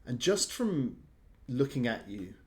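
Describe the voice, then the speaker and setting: A man's voice: mid-range voice, sing-song, takes it slowly, a little mellow. A man narrating as game master of a tabletop game, talking hesitantly with many ums and restarts.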